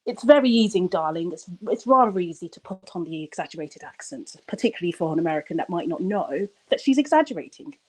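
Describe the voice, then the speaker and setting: A woman from England with an English accent, calling in to give her opinion in an animated, chatty way. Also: fairly low pitch, fast talker, few pauses, low-quality recording. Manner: animated, calls listener "darling", laughs easily. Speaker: caller. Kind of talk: call-in opinion.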